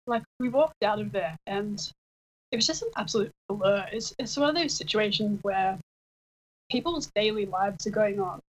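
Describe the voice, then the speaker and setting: A woman telling a personal story in casual chat, reflective, with fillers and pauses. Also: mid-range voice, slightly rough, rough recording. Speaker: partner sharing a personal story.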